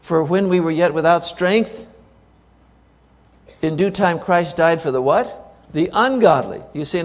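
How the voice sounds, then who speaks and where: A man's voice: on the high side, normal speed, long reverb tail. A man preaching a sermon to a congregation, emphatic, repeating key words and asking the audience rhetorical questions.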